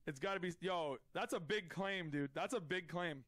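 A man streaming a social deduction game, talking excitedly, often shouting and repeating himself. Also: a little high, moderate pace, hardly any pauses, slight background noise. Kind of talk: excited gaming commentary.

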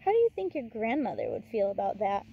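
A woman's voice: mid-range voice, huge pitch swings, fast talker, gravelly, narrow, tinny audio, slight background noise. A woman reading a sly, overfamiliar game warden. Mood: menacing. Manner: breezy, overfamiliar, turning menacing. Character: smooth-talking sly adult male game warden.

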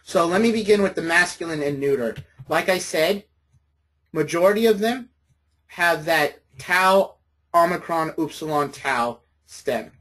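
A man's voice: fairly high pitch, expressive, measured pace, fairly bright tone. A man lecturing a college class, patient and friendly, often checking in with his students.

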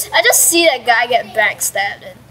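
High, bright-voiced excitable young woman gamer. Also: slight background noise, rough recording. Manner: chatty and excitable, with sudden yelps and mild swearing. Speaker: gamer commentating her own play. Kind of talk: casual let's-play commentary. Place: at home with a pet dog nearby.

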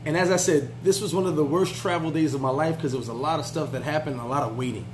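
A man recounting a trip in a loose, chatty way, his voice sitting a little higher than most men's. He stops and restarts often and leans on fillers. A faint hum runs behind him. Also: fast talker. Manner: laid-back, chatty, frequent fillers and restarts. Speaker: travel vlogger. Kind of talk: casual storytelling.

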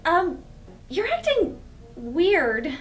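A woman's voice: very high voice, sing-song, drawn-out words, a bit bright, faint music behind, full character voice. A woman playing a chatty young princess who bluntly asks her sister why she is acting strange. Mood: puzzled. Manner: blunt, quizzical. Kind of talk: comedy sketch acting.

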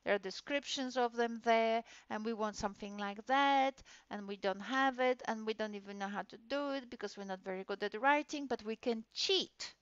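A woman's voice: fairly high pitch, normal speed, hardly any pauses, clean tone, no room sound, dull audio. A woman lecturer giving a recorded course podcast, talking casually and acting out how a class of children would answer her. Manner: chatty, acts out classroom exchanges with children. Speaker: university lecturer.

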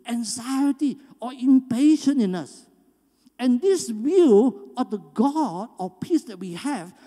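A man's voice: very high voice, mellow. A man preaching a sermon as pastor, earnest and emphatic. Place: church sanctuary. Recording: long hall reverb.

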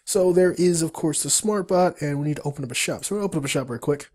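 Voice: mid-range voice, rapid-fire, few pauses, darkish tone. A player walking through a game tutorial, reading the on-screen story aloud with chatty asides. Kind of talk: let's-play narration, reading game text aloud.

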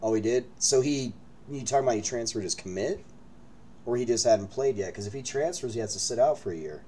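A man's voice: medium pitch, fairly quick, mellow, slight background noise. A man hosting a live card-break stream from his break room, hyping the pulls and bantering with viewers. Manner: hyped, joking banter with viewers.

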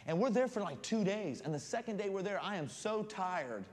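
A guest preacher telling a comic story in his sermon, animated and building suspense. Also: high-pitched, normal speed. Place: church sanctuary. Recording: long church reverb, faint room noise.

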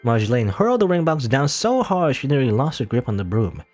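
A man's voice: mid-range voice, sing-song, a little fast, a little mellow, soft background music. A man hosting a let's play, reading a game's story text aloud with casual asides and chuckles.

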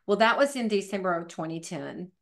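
A woman's voice: mid-range voice, expressive, brisk, a bit bright. A middle-aged woman, a fitness professional and podcast guest, telling her story in a chatty way with many fillers. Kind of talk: casual interview storytelling.

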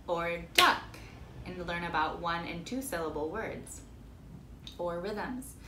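A woman music teacher guides children through a clapping game, speaking slowly and clearly as she chants each word. Her voice sits low. The recording is echoey, with steady background noise. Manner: slow, clear instruction with chanted, clapped words.

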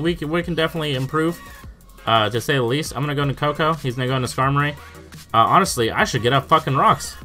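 A young man talks over his own gameplay in a bright, forward voice, swearing freely and tripping over his words whenever the match turns against him. Faint game music runs behind him. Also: on the high side. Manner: swears often, stammers in bursts, exclaims in disbelief. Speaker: gaming YouTuber. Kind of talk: casual live commentary over gameplay.

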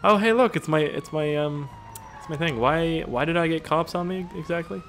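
A man's voice: a little high, normal speed, fairly bright tone, slight background noise. A young man doing casual, profane gameplay commentary, rambling and joking as he plays. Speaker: gaming channel host.

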